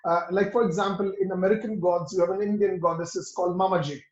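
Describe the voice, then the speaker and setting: A man's voice: high voice, steady tone, fast, roomy sound, dull audio. A male interview host reacting with laughs and asking questions in casual conversation.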